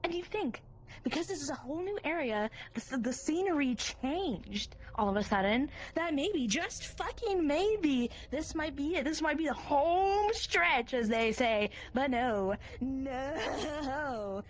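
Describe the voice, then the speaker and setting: A young adult woman playing her character in a tabletop game, muttering, swearing and breaking into teary shouts. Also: sits high, lively intonation, a little slow, a little hiss or hum. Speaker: player. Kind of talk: in-character tabletop role-play.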